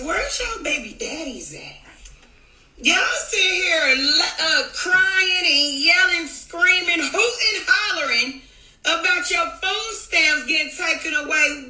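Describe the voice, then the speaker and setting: A woman's voice: sits high, bright, forceful tone, roomy sound, rough recording. A woman in a blunt, profane vlog rant addressed to her viewers. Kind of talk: ranting vlog.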